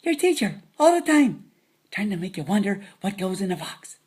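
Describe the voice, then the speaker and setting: Husky, lively woman teaching kids math. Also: mid-range voice, moderate pace. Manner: silly, joking asides. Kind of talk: playful kids' math lesson.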